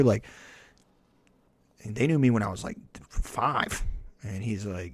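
A man's voice: fairly low pitch, brisk, long pauses, a little mellow, dry recording. A young adult man telling a long, profane, rambling story in casual podcast chat. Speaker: podcast host.

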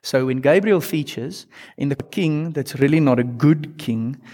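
A man delivers a sermon in a chatty, animated way, often asking his listeners to follow along. His voice sits a little high for a man. The sound rings with the long reverb of a big hall. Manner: conversational, animated, talks to the congregation directly. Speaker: preacher.

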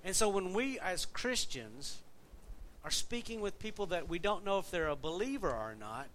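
A man's voice: high-pitched, very animated, moderate pace, a bit bright, slight background noise. A man preaching a sermon in a conversational way, often asking the congregation questions. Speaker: pastor.

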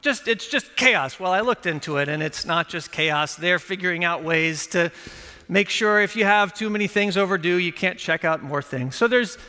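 Brief: high, bright male pastor, chatty sermon delivery, echoey sanctuary. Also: normal speed, clean tone. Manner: conversational, with folksy asides and self-corrections.

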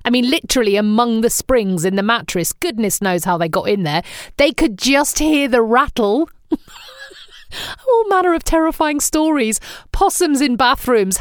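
A woman's voice: a little high, clean tone, dry recording, studio quality. A woman with an English accent, hosting a podcast in chatty, wry, humorous scripted storytelling. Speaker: podcast host.

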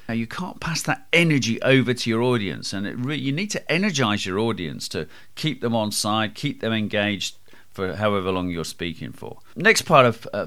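Booming, lively man giving advice. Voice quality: projecting, booming voice. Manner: lively, emphatic, varies pace and loudness for effect. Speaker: podcast host. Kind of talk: presentation skills advice podcast.

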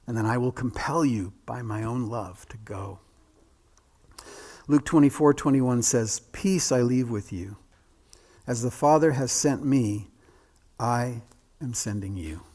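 A man delivering a sermon at an even middle pitch. He preaches dynamically, leaning hard on key lines and then dropping to near-hushed, slowed words for weight. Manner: dynamic preaching with sudden drops to quiet, drawn-out emphasis. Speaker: pastor.

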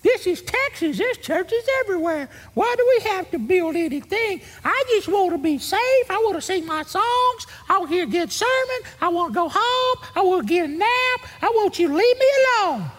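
A man putting on the voice of a whiny, anxious churchgoer who is scared of risk, in a shrill, whining falsetto. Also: big pitch swings, normal speed, hardly any pauses.

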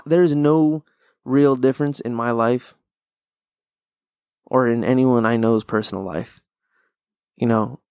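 A young man hosting a podcast, ranting casually in a profane, rambling, animated way into a close mic. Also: a little high, dry recording. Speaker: podcast host.

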